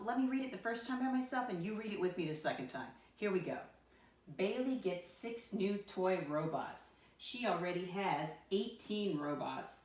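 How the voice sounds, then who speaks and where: A woman teacher leading a first-grade lesson, encouraging and spelling words out slowly letter by letter. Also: medium pitch. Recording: echoey room, voice from a distance.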